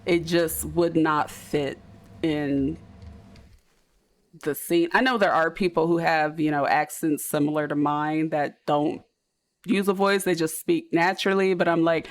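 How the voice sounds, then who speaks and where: A woman with a South Jersey accent chats casually to her stream audience. She is tired and rambling, with slangy, loose speech and a slightly low voice. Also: steady tone, unhurried. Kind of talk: casual chat.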